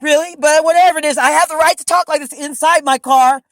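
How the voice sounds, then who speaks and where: A woman's voice: sits high, steady tone, quick pace, dry recording, rough recording. An American woman in her forties, insistent and rambling, talking from inside her parked car during a police stop. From USA. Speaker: motorist questioned by police. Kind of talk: tense confrontation.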